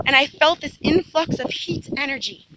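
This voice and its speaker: Speaking at normal speed in a very noisy recording, a high-pitched woman tells a rambling, earnest story about herself to the camera. She keeps repeating points, restarting, and leaning on fillers, all with an insistent tone.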